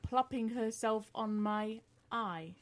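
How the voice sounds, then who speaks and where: A British woman co-hosting a casual online radio show, teasing her husband and reading out chat. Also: on the high side. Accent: British English. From Britain. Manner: teasing, quick wit, laughs often.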